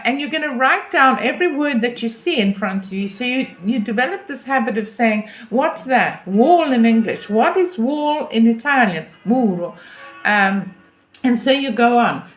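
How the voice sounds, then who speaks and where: A woman in her fifties, a relocation consultant, giving chatty, emphatic and self-deprecating advice to camera. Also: on the high side. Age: 50s. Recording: echoey room.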